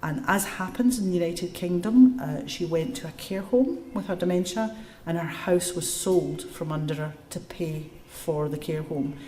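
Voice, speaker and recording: Low-voiced woman lecturing in an echoey room. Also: normal speed, hardly any pauses, a little hiss or hum. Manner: lively storytelling, explains step by step. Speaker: lecturer answering audience questions. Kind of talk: public lecture with Q&A. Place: lecture room before a live audience.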